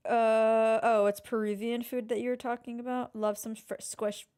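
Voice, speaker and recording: A woman's voice: a little high, level tone, moderate pace, a little mellow, clear, resonant tone. A woman co-hosting a podcast, chatting in a playful, crude and teasing way. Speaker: podcast co-host. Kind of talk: casual podcast chat.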